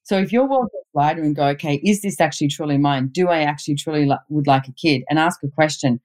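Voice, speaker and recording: Low-voiced candid woman guest. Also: fast, darkish tone. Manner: candid, storytelling, laughs easily. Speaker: relationship expert guest. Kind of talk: casual conversation.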